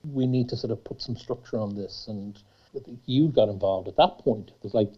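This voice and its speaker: A film producer tells a rambling, animated anecdote in a casual chat, full of restarts and the odd swear word. His voice sits a little low, and the recording sounds dull and muffled. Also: moderate pace, husky.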